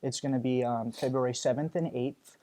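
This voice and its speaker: Young man, mid pitch, stage actor, casual interview, earnest, many fillers. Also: steady tone, a little fast, warm tone. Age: young adult. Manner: earnest, lots of ums and you-knows.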